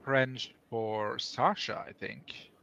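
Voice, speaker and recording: A man in relaxed, easygoing casual chat during a writing stream. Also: mid-range voice, drawn-out words, gravelly, lo-fi sound, slight background noise. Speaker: co-host.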